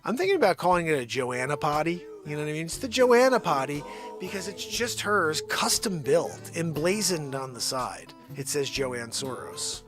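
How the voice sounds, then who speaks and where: A man's voice: fairly high pitch, sing-song, moderate pace, over music. A man hosting a live daily stream, chatting casually and joking as he tells a story and talks to his dogs. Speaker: livestream host.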